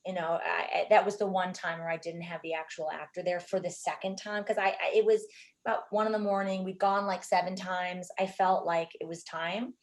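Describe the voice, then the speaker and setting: A middle-aged woman filmmaker, telling stories from a shoot in an interview, animated and quick to act out what people said. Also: fairly low pitch. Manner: animated, acts out quotes, many fillers. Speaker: filmmaker guest. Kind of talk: interview storytelling.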